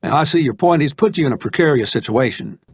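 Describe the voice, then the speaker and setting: A man playing a laid-back middle-aged Arkansas man, talking in an easygoing, calming drawl. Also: on the high side, quick pace, slight background noise.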